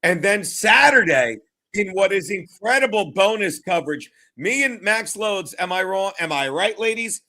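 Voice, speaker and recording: A man's voice: sits high, lively intonation, normal speed, pushed and bright. A man hosting a casual sports talk show, rambling and jokey with lots of swearing.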